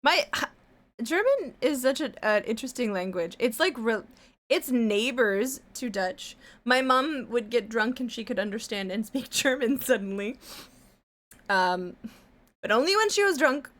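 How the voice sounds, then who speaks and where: A woman's voice: a little high, lively intonation, unhurried, a bit bright. A woman live-streaming her art, chatting casually and rambling, with some casual swearing and humming to herself as she draws. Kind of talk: casual chat while drawing on stream.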